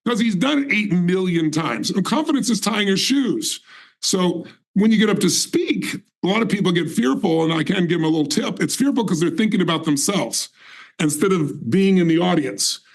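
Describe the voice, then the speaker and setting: A man's voice: high-pitched, expressive, moderate pace, creaky, poor audio. A man in his sixties telling his life story in an emphatic, intense way as a guest in a conversation. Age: 60s.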